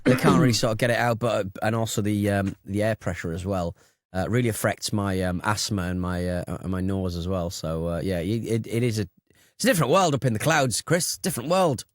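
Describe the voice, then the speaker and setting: A man's voice: on the low side, brisk, no room sound, clean studio sound. A man co-hosting a podcast, rambling through jokes and laughing often. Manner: jokey, rambling, bursts of laughter. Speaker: podcast co-host. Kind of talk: casual podcast chat.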